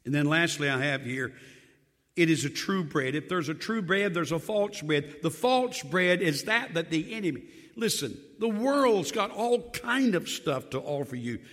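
An older man, a pastor of many years, preaching a sermon that swings from loud emphatic lines to quiet low drops, with joking asides. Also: big pitch swings, measured pace, long reverb tail.

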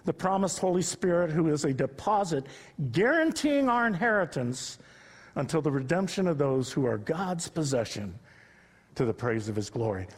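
A man preaching a sermon, telling stories and rising to emphatic peaks. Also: fairly high pitch. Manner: storytelling preacher, builds to loud emphatic peaks. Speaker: pastor. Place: church sanctuary. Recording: long reverb of a large hall.

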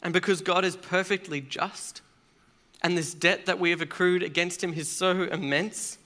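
Male preacher, fairly high, bright, earnest sermon delivery with weighty pauses. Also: fairly even intonation.

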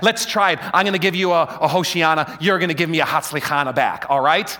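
A man preaching a lively Palm Sunday sermon into a handheld mic, joking with and rallying his congregation. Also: high voice, fast, hardly any pauses. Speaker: pastor. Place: church hall with a live congregation. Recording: long hall reverb.

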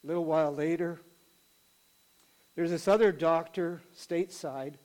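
A man with a high voice tells a sermon story. He keeps it conversational and animated, like a storyteller leaning into each turn of the tale. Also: a little slow, low-quality recording. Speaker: pastor.

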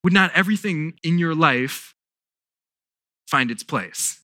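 A male pastor delivers a sermon at an unhurried, measured pace, leaning on repeated words and deliberate pauses. His voice is bright and slightly high for a man, and the recording is close and dry. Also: animated, no echo.

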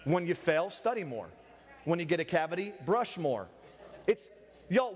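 Joking preacher with a lively voice. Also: male voice, high-pitched, moderate pace, long pauses, husky. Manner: joking, teasing, laughs often. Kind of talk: humorous sermon. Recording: echoey hall with long reverb.

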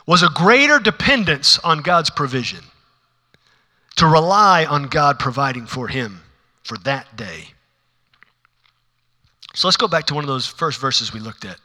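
A man preaching a sermon to a congregation in a church, shifting between hushed, intimate asides and rising, emphatic passages. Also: a little high, expressive, measured pace, long pauses. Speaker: pastor. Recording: long reverb of a large hall.

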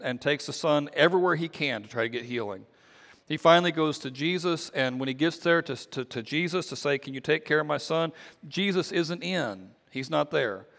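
A man, a pastor, preaching a sermon in a relaxed conversational way, often restarting and repeating his words. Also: a little high, vocal fry, in a large hall. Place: church sanctuary.

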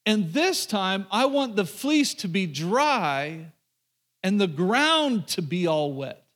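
A nervous, cautious biblical man , as a male preacher puts him on, who talks in a halting, unsure way. His voice sits fairly high and keeps backing off into second thoughts. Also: very animated, fairly bright tone, exaggerated voice. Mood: hesitant.

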